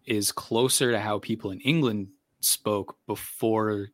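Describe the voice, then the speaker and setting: Low-voiced man explaining with many fillers. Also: fairly even intonation, a little slow, a bit bright, dry recording, studio quality. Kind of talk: casual chat.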